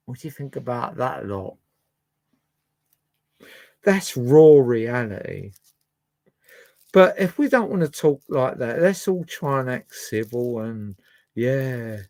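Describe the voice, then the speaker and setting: A man's voice: mid-range voice, a little mellow, dry recording. Guy rambling to his stream chat, teasing, dry close sound. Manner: chatty, musing, teasing. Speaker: livestream music host. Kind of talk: casual chat to a live chat.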